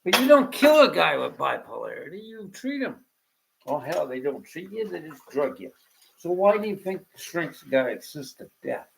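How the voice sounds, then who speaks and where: Gravelly older man ranting angrily. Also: fairly high pitch, sing-song, moderate pace, a bit bright, rough recording. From Canada. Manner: agitated, ranting, blunt and profane. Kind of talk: angry personal rant.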